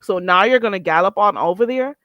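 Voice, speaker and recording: A woman's voice: medium pitch, brisk, dry recording, highs cut off. A woman hosting a casual livestream, recapping drama with blunt, profane commentary and frequent laughter at her own story. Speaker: livestream host.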